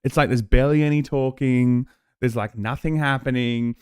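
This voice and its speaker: A man, giving a casual, animated reaction to a game ad. He laughs and swears often. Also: mid-range voice, moderate pace, clean tone, dry recording, studio quality. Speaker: show host reacting to a game ad.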